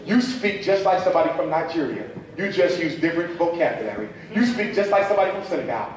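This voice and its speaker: A man's voice: a little high, expressive, quick pace, recorded from a distance, slight background noise. A man giving a talk to a live audience, preacherly, drawing call-and-response from the crowd. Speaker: speaker at a public talk. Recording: echoey hall, mic from afar.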